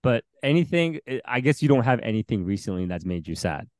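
A man's voice: medium pitch, very animated, brisk, darkish tone, dry recording, clean studio sound. A man who is a pastor and podcast co-host, talking earnestly and reflectively in casual conversation, with many fillers and restarts.

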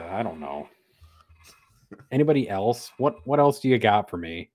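Rambling, jokey man, low voice. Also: sing-song, moderate pace. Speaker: podcast co-host. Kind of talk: casual chat.

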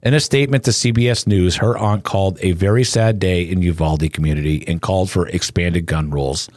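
A man narrating a somber news report in a solemn, measured way. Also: low voice, a little mellow, no echo, studio quality.

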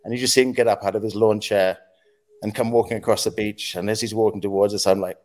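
A man on a podcast as a guest, telling lively stories in casual talk, acting out quotes and noises and laughing often. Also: fairly low pitch, quick pace. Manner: animated anecdotes, acts out quotes and sound effects, laughs often. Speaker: podcast guest, former news agency head. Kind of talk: casual storytelling interview.

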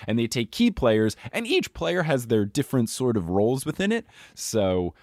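A man's voice: mid-range voice, big pitch swings, normal speed, a little mellow, no room sound, clean studio sound. A man hosting a casual podcast, explaining things at length with frequent laughs. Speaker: podcast host.

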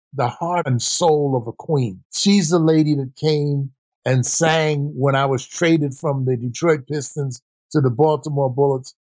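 A man's voice: medium pitch, no room sound. An older man, a former basketball player and coach, telling stories in an interview and acting out the voices of the people in them. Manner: animated, acts out quoted voices. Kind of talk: storytelling interview answer.

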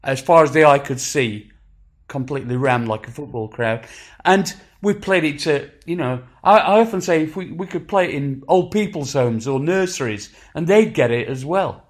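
A man in his sixties with a Sheffield accent recounts stories in a relaxed conversation. He sits a little higher in pitch than most men, and he keeps breaking into animated impressions of the people in the story, stumbling and restarting as he goes. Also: moderate pace. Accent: Sheffield English. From England. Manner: animated anecdote-telling with acted quotes and frequent restarts. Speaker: musician guest. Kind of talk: casual chat, storytelling.

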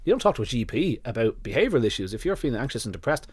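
Being interviewed on a podcast as a dog nutrition expert, a man speaks rapid-fire and very animated in a husky, mid-range voice. He recounts a story through lots of quoted back-and-forth dialogue, swearing casually and freely. The studio sound is clean, with no echo.

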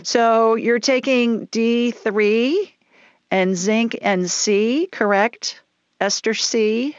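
A woman's voice: a little high, steady tone, very slow, clear, resonant tone, no room sound, highs cut off. A woman hosting a call-in show, talking callers through their problems in a chatty, reassuring, folksy way. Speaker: call-in show host, energy healer.

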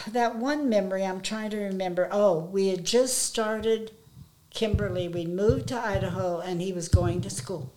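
A woman's voice: mid-range voice, darkish tone, low-quality recording. An older woman, the host's mother, telling tender family memories in a rambling, casual way. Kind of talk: casual storytelling.

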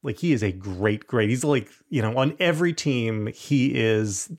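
A man's voice: medium pitch, a little slow. A middle-aged man co-hosting a podcast, telling a personal story in a candid, casual, somewhat profane way. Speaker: podcast co-host.

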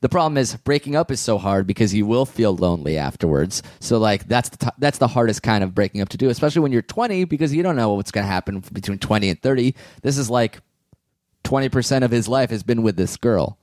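A man in his thirties hosting a casual podcast chat, telling stories quickly and acting out what people say. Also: medium pitch, animated, darkish tone, no echo, clean studio sound. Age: 30s.

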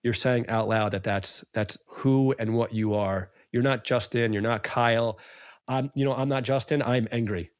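A man's voice: medium pitch, steady tone, normal speed, clean tone, dry recording. Earnest man hosting a podcast. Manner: earnest, emphatic, repeats his points. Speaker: podcast host. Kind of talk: casual podcast conversation.

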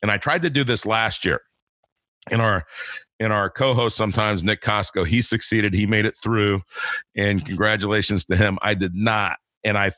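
Low-voiced male podcast host. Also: bright, forceful tone, no echo. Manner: talkative, rambling with restarts. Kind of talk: casual podcast interview.

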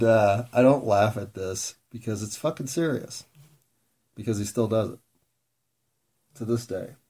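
A man talking through a candid, reflective monologue, rambling with pauses and frequent swearing, self-mocking. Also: on the low side, dark tone.

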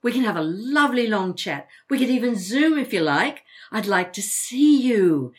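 Brief: actress as older mum, chatty and blunt, tripping over words, lively intonation. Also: female voice, fairly high pitch, normal speed. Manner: animated, stumbling over words when flustered. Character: chatty older mother, outspoken, quick to apologize. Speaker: mother. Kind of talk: audio drama dialogue.

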